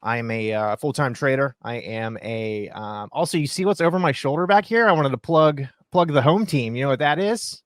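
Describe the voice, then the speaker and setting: Guest trader, male, from Ohio, mid-pitched, loose rambling delivery with lots of ums, dry video-call audio. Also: moderate pace, hardly any pauses, a bit bright, no room sound. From Ohio, USA. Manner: rambling, many fillers and restarts. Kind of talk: casual conversational explanation.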